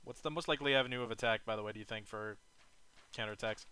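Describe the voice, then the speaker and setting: A man talking over voice chat in a military game, loud and teasing. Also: lowish voice, rapid-fire, clear, resonant tone.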